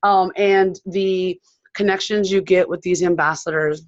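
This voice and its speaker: A woman's voice: on the low side, fairly even intonation, unhurried, dry recording. A woman from San Diego sharing a bubbly, rambling recap of a convention on a video call. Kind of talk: excited casual chat on a video call. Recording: dull, dry video call audio.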